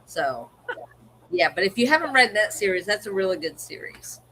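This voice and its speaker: This middle-aged livestream co-host has a bright, forceful medium-pitched voice with big pitch swings, speaking at a moderate pace as she chats casually and acts out her family's words. The low-quality recording carries a little hiss or hum.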